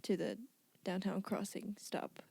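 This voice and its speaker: A woman's voice: mid-range voice, little pitch movement, measured pace, gravelly, dark tone, husky, dry recording. Woman podcast co-host, giggly rambling storyteller, dry close-miked sound. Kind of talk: casual chat.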